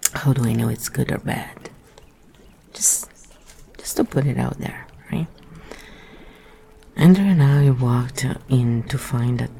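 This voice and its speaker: A man's voice: mid-range voice, vocal fry, mellow, a little hiss or hum. A man reading a book aloud and breaking off into rambling, musing asides. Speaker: reader.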